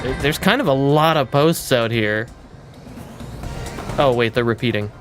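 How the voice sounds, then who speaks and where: A young man streaming a game, talking casually and excitedly, swearing freely. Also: mid-range voice, a little slow, soft background music. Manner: baby-talk to his cat. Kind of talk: casual live-stream commentary.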